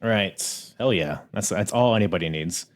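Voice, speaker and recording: Male podcast host, slightly low voice, laid-back joking banter. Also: normal speed. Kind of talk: casual chat.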